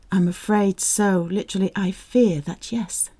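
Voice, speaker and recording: A woman teaching French, reading phrases out slowly, repeating them and cheering the listener on. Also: medium pitch, steady tone, warm tone, breathy edge. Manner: slow, repeats phrases, encouraging. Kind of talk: audio language drill.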